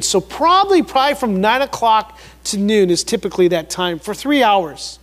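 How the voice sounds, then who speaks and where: A man preaching a sermon as a pastor, emphatic, repeating words for emphasis and swinging between loud and hushed delivery. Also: sits high, lively intonation, moderate pace, hardly any pauses, long reverb tail.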